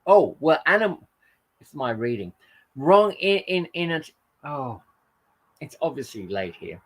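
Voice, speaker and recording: Male host, chatty and rambling, very animated pitch. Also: unhurried, pauses often. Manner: rambling, loses his thread and corrects himself. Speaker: channel host. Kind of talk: casual live-stream chat reading viewer comments.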